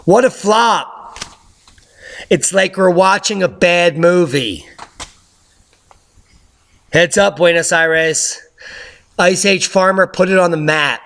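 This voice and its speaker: A man hosting a news update, giving casual commentary over clips in an excitable, sarcastic way with sudden loud outbursts. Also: high voice, slow, pauses often. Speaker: host of a news update channel.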